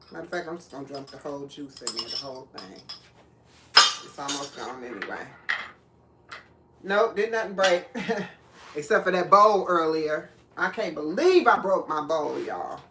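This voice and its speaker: A woman's voice: sits low, big pitch swings, a little slow, long pauses, noisy background. A woman hosting a live cooking stream, chatting casually with viewers and laughing often. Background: clinking dishes and cutlery.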